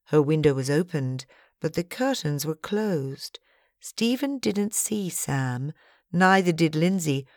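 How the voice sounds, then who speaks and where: A woman narrates an audiobook in a measured, even storytelling voice. Her voice sits low, and the recording is dry and close with no room echo. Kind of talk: scripted narration.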